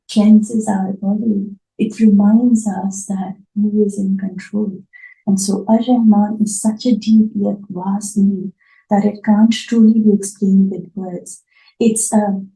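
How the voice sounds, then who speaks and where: A woman giving a reflective spiritual talk, emotional and tearful, her voice soft and at times dropping to near whispers. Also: mid-range voice, roomy sound, poor audio. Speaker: spiritual art therapy host.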